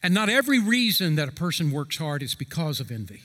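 A middle-aged man preaching a sermon as a pastor, earnest and emphatic, stretching key phrases slowly for stress. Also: a little high, very animated, fairly bright tone, long reverb tail.

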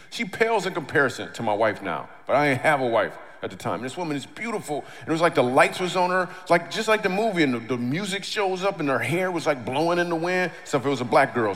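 A middle-aged man on stage doing stand-up storytelling, animated, acting out the lines of the people in his story. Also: medium pitch. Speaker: comedian and speaker. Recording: long reverb of a large hall.

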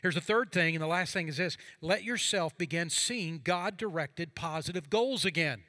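A man, a pastor, preaching a sermon, moving from fervent passages to hushed quiet ones and reading scripture aloud with drama. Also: fairly high pitch, moderate pace, no room sound.

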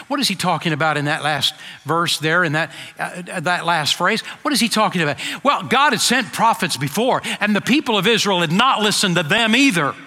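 A man preaching a sermon in an earnest voice that swings from emphatic peaks to quiet low asides. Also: expressive, moderate pace. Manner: earnest, rising to emphatic then dropping soft. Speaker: pastor. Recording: long hall reverb.

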